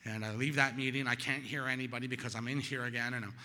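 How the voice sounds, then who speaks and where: A middle-aged man stands before a meeting and tells his own story of recovery, swinging between loud bursts and quiet, low moments. His voice is very bright and cutting, and it rings out with a long reverb tail, as if he is in a large hall. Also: fast talker. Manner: animated storytelling with sudden loud peaks and quiet drops. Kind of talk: personal testimony to a meeting audience.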